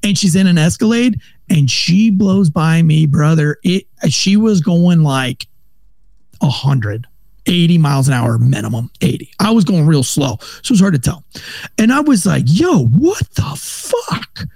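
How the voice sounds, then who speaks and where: A man in his thirties, a former police officer, telling a profane, animated story in casual podcast chat. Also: a little high, normal speed, gravelly, no room sound.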